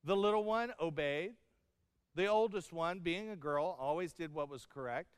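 A middle-aged man delivers a sermon in a high, smooth, resonant voice, mixing humor into his stories and playing out each quoted line. His voice sits close and dry on the mic while a long reverb hangs in the hall behind it. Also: normal speed. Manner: storytelling with humor and acted-out quotes. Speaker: pastor.

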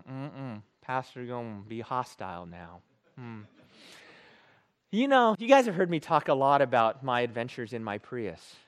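A male pastor delivering a sermon in a church, voice a little higher than most men's. He tells stories with playful self-mockery, his pitch swinging widely as he talks.

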